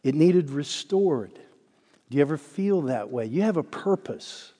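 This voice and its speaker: A man preaching a sermon in earnest, sinking to a hush on key lines and rising when he urges his listeners on. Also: a little high, lively intonation, a little slow, husky, long reverb tail. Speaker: pastor.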